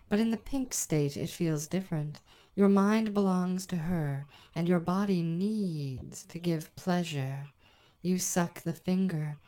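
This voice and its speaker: A woman guiding a hypnosis session in a soft, measured, hypnotic voice, counting slowly. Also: fairly low pitch. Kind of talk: slow guided hypnosis narration.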